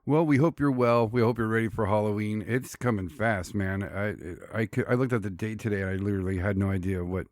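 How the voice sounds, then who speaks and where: A man's voice: on the low side, fairly quick, few pauses, a little mellow, dry recording, clean studio sound. A man co-hosting a podcast in easygoing casual chat, laughing along with his friend. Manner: easygoing, laughs along, calls him dude. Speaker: podcast co-host.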